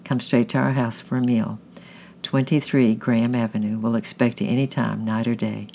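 A man reading a brisk, capable mother. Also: medium pitch, little pitch movement, vocal fry, a little mellow, slight background noise, close to an everyday voice. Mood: gentle. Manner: commanding and kind.

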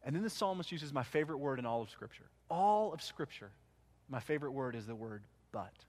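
A man preaching a sermon, swinging from loud emphasis to hushed, slowed phrases. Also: medium pitch, animated. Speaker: pastor.

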